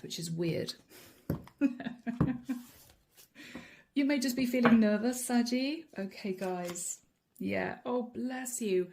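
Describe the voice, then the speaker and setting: A middle-aged woman gives a channeled tarot reading to camera in a soft, mellow voice pitched a little higher than most. She speaks slowly, pausing often, coaxing and reassuring her viewers directly and repeating the same encouraging phrases; a slight hiss or hum is audible.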